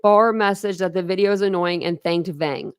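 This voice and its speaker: A woman's voice: fairly low pitch, normal speed, clean tone, no echo, studio quality. A woman hosting a true crime live stream, reading court documents aloud and stopping to react in a rambling, openly upset way. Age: adult with a young son. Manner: conversational, full of "like" and restarts, openly upset. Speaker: true crime channel host.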